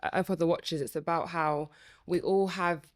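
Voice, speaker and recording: A woman's voice: on the low side, steady tone, moderate pace. A woman who stammers, speaking passionately on a podcast, with frequent restarts and filler sounds as she thinks aloud. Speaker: former student working in Parliament. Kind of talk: conversational podcast chat.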